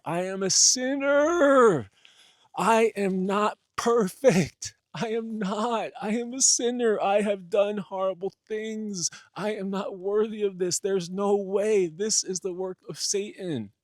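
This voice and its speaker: A man's voice: high voice, slow, no echo, pitched above the performer's own voice. A man voicing an anguished young man who pleads and refuses a divine calling, repeating himself. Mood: anguished pleading.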